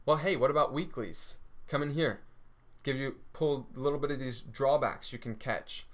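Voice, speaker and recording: A man's voice: medium pitch, normal speed, fairly bright tone. Texan guy doing a trading screen-share tutorial, upbeat, asks questions and answers them himself. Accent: Texas. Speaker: trading course presenter.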